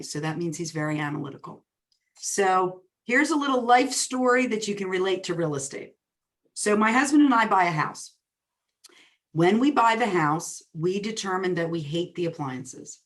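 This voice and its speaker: A woman coaching real estate agents in a webinar talk, telling personal stories and acting out the dialogue in them. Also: fairly low pitch. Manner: lively storyteller who acts out quoted dialogue. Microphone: webinar recording.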